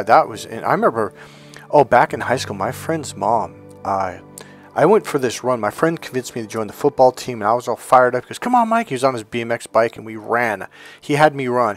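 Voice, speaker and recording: Animated man giving a motivational talk. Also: medium pitch, dry recording. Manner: animated and conversational, acts out quotes. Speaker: self-help speaker. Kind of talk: motivational talk with personal stories.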